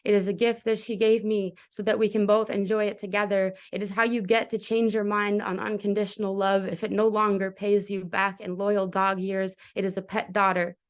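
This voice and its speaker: Young woman doing spoken word at an open mic, keeps calling out to god, steady flat delivery, clean voice. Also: mid-range voice, moderate pace, few pauses. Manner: intense, repetitive address to God. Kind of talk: spoken word poetry reading.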